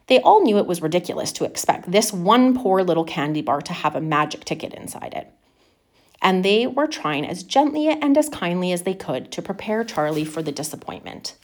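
A woman reading a children's novel aloud with expressive, animated narration. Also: on the low side, a little fast. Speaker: reader.

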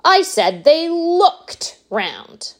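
Woman putting on a zany, high male candy maker. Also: sing-song, extremely slow, heavily acted. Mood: insistent. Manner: bouncy, emphatic, bossy. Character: eccentric, brisk, excitable male candy maker.

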